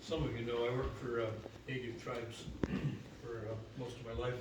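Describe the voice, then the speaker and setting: An older man telling a personal story to a gathering, unhurried, with many pauses. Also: mid-range voice, little pitch movement, heavy background noise. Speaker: speaker at a memorial gathering. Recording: echoey hall, mic from far off.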